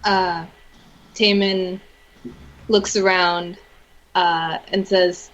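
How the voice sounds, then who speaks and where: Soft-spoken, slow woman player on a dull line. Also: lowish voice, fairly even intonation. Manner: hesitant, soft-spoken, laughs between lines. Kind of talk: playing a tabletop game.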